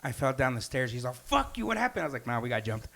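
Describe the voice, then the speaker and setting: A man's voice: mid-range voice, sing-song, quick pace, creaky, a bit bright. A man from El Paso telling a story as a podcast guest, casually and animatedly, swearing freely and acting out the quotes. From El Paso, Texas.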